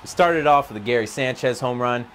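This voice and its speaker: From an empty office, a man commentates live on his own video game play. He's excitable, and his voice jumps high when he gets worked up. He talks a little fast, with slight background noise.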